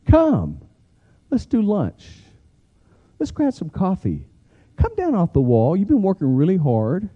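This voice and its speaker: A man's voice: sits high, wildly swooping pitch, measured pace, pauses often, muffled recording, voice pushed up, full character voice. A man voicing scheming enemies in a sermon, with a casual, coaxing, friendly invitation.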